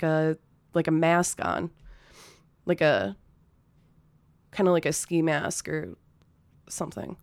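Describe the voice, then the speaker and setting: A woman with a lowish, smooth and clean voice recounts a story in a relaxed, conversational way. She swears freely, leans on fillers, and breaks into short nervous laughs. The sound is close and dry, with no room echo. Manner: loose and profane, many fillers, nervous laughs. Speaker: storyteller, former restaurant server. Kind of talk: casual spoken anecdote.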